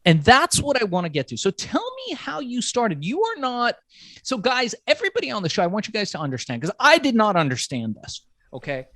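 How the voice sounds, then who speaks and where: A man hosting a podcast interview, telling stories in an animated, emphatic way. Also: sits high, brisk, no echo. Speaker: podcast host.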